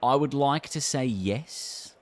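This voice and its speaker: A man's voice: mid-range voice, takes it slowly. An Australian man chatting casually on a live stream, reacting to a game and reading chat aloud. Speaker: gaming streamer.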